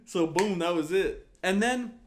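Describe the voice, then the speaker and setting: A man's voice: high voice, a little hiss or hum. A man hosting a casual solo podcast, rambling and often laughing as he restarts his sentences. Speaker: podcast host.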